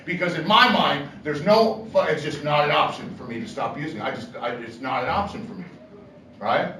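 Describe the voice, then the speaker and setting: A man's voice: fairly high pitch, normal speed, sharp tone, echoey room, recorded from a distance, slight background noise, low-quality recording. A middle-aged man telling his recovery story at a meeting, blunt and profane, often checking in with "right?". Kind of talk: personal recovery talk. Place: meeting room.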